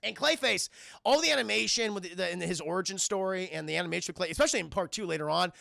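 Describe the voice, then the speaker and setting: A man's voice: high-pitched, racing, vocal fry, no echo, studio quality. A man recapping a cartoon episode on a live stream, cursing freely and acting out scenes as he goes. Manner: profane, animated, acts out scenes in voices.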